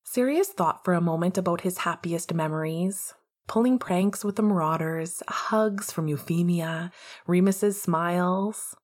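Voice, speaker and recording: A woman reading a story aloud as a podfic narrator, soft and measured. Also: on the low side. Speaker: podfic reader.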